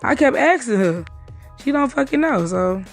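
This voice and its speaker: A woman's voice: on the high side, lively intonation, soft background music. A woman casually recounting events from a night out, swearing freely and acting out what others said. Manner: profane, talks fast and acts out the quotes. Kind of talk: casual storytelling.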